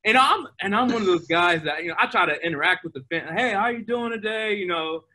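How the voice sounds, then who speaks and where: A young man, a pro baseball player, telling animated stories in a casual interview, full of fillers. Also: high-pitched, fast. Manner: animated, excitable, many fillers. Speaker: guest, professional baseball player.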